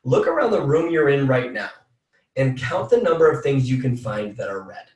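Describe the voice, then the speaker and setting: A man giving an energetic motivational coaching talk, repeating phrases for emphasis. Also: mid-range voice, moderate pace, echoey room, distant mic. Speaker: team call speaker.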